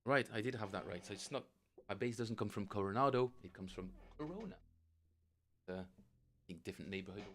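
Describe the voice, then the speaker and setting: A middle-aged man with a fairly low voice talks loosely to his live-stream viewers about his basses and practice. He rambles, corrects himself mid-sentence and chuckles often, in the relaxed tone of a home practice room. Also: fairly quick, a little hiss or hum. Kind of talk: casual live-stream chat answering viewers.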